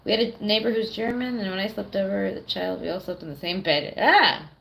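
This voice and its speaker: A woman's voice: medium pitch, a little fast, creaky, a bit bright. A young woman livestreaming casually, answering chat, chatty, swearing freely and laughing often. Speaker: streamer. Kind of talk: casual live-stream chat.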